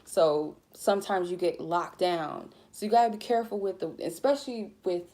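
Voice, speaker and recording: A woman tarot reader giving a blunt, profane, laid-back spiritual reading in a mellow, chill way. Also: fairly low pitch, moderate pace. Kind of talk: casual spiritual reading monologue.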